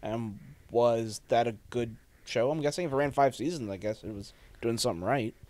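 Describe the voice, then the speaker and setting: A woman's voice: rumbling low, normal speed, a little mellow, no echo. A woman hosting a casual chat about a TV show, asking questions and laughing often. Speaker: podcast host.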